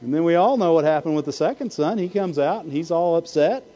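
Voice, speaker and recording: A man's voice: on the high side, lively intonation, brisk, dark tone, highs cut off. A man preaching a sermon, asking the congregation "Amen?" and "Why?" again and again. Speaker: pastor.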